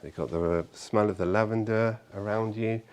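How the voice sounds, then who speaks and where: A man's voice: on the low side, moderate pace. Chatty man giving a live talk. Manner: chatty, animated storyteller with tag questions and fillers. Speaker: conference speaker. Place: meetup event room.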